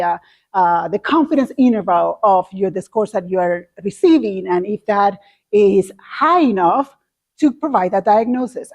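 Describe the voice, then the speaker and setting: A woman's voice: on the high side, darkish tone. A middle-aged woman with a Spanish accent telling a personal story in a talk, acting out her own past reactions. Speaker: speaker.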